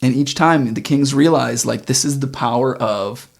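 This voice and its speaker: Gravelly man reading scripture casually. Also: mid-range voice, normal speed. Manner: relaxed, paraphrases the story in modern slang with chuckles. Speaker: podcast co-host. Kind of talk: casual Bible discussion, reading scripture aloud.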